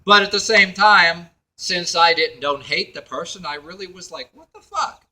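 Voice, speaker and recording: A man's voice: high-pitched, normal speed, pushed and bright, rough recording. A man telling a personal story to camera in a meandering way, full of fillers and restarts, acting out what others said. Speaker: video blogger.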